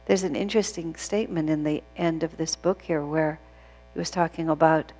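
A woman's voice: sits low, steady tone, moderate pace, darkish tone, soft background music. A woman teaching a spiritual class, telling stories in an earnest way with frequent fillers and restarts. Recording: long hall reverb.

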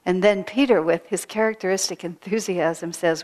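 A woman retelling a sacred story as a spiritual teacher, soft-spoken and earnest, often dropping to a hush and repeating phrases for weight. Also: mid-range voice, fairly even intonation, moderate pace, long reverb tail.

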